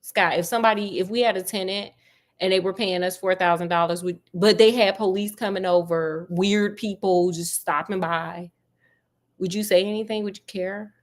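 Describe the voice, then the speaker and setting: A woman's voice: medium pitch, steady tone, normal speed. A woman casually retelling a classic detective story with slang and teasing asides.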